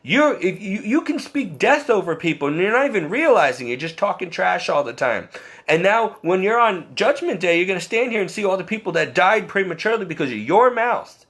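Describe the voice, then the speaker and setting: Here a man speaks quickly and high-pitched, a Catholic layman earnestly telling his personal faith story. Self-deprecating and often chuckling at himself, he breaks into lively bursts of quoted dialogue, his own and other people's.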